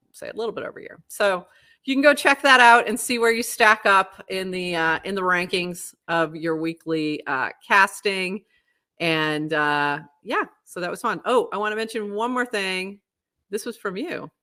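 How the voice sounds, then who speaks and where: A middle-aged woman from the Boston area, her Boston accent mostly softened, co-hosting a podcast in casual, laughing chat. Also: on the low side. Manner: chatty, laughs often, animated. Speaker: podcast co-host.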